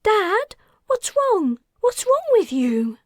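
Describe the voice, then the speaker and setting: A woman's voice: high-pitched, very animated, slow pace, darkish tone, no room sound, clean studio sound, voice pushed up, full character voice. A woman voicing a wistful, tender young girl. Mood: panicked.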